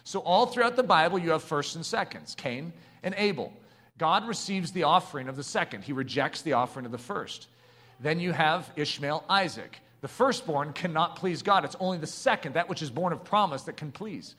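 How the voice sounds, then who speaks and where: A middle-aged man preaching a sermon, passionate and building to emphatic shouts. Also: fairly high pitch, lively intonation, moderate pace.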